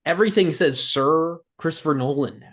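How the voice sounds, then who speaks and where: A man co-hosting a podcast in casual chat, easygoing and quick to laugh along. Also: fairly high pitch, fairly bright tone. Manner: easygoing, laughs often, agreeable. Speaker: podcast co-host.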